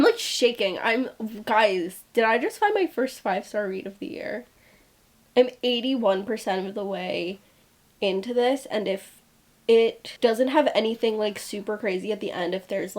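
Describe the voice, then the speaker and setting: A young adult woman chatting casually in a book vlog, gushing and excitable and saying "like" a lot. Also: mid-range voice, unhurried. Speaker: book vlogger. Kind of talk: casual reading vlog chat.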